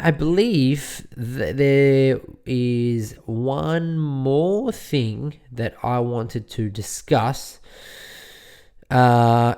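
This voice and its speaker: A man's voice: medium pitch, smooth. Male solo podcast host, chatty and rambling, ranting commentary with lots of restarts. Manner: rambling, repeats words, ranting.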